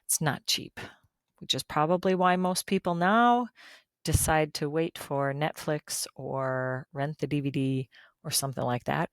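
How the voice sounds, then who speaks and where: Middle-aged woman, low pitch, folksy math teacher recording a lesson, friendly asides. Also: dry recording, clean studio sound. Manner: chatty, folksy, joking asides.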